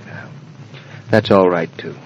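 An actor in 1940s radio acting, playing a gently teasing young husband who speaks in a dry, wry, soothing way. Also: male voice, sits low, fairly even intonation, slow pace. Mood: tender. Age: young adult. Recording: dull old radio transcription.

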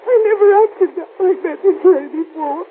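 A woman's voice: extremely high pitch, a little slow, slight background noise. An actress in a 1930s radio serial playing a distraught young woman who sobs and pleads breathlessly, on a tinny old recording. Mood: sobbing.

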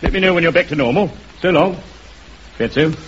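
A chirpy tailor, as a man plays him, chatting and cracking jokes in an old radio comedy. The voice sits high. A dull, hissy broadcast sound hangs around it. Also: brisk, natural voice. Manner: chatty, joking. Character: chirpy Cockney tailor, middle-aged man.

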